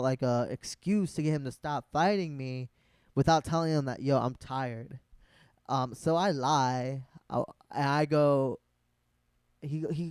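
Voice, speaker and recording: A man casually telling a long personal story, rambling with lots of fillers and plenty of swearing, growing animated at the peaks. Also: medium pitch, clear, resonant tone, dry recording. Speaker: vlogger.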